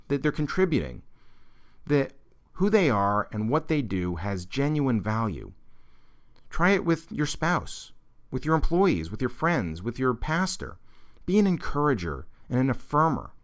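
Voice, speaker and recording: A male professor reads a prepared broadcast lesson at a middle pitch. His voice rises and falls widely, and he leans hard on key points in an earnest, measured manner. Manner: earnest, measured delivery with emphatic turns. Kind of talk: scripted instructional broadcast.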